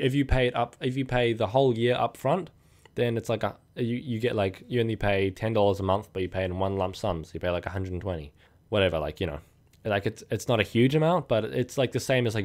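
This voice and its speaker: A young man hosting his own podcast, talking casually and rambling with lots of fillers and restarts. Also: lowish voice. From New Zealand. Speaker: podcast host. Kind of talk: casual solo podcast talk.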